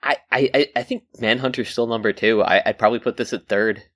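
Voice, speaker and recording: A man co-hosting a podcast, chatting casually about films in halting sentences full of restarts and "like". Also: mid-range voice, fairly bright tone. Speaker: podcast co-host. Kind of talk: casual film chat.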